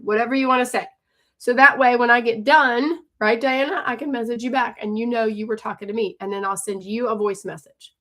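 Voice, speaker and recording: A woman hosts a live stream with a high, bright voice. She talks fast and chatty, calls out to viewers by name, and pitches her coaching program. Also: fairly even intonation. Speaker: livestream host and online coach.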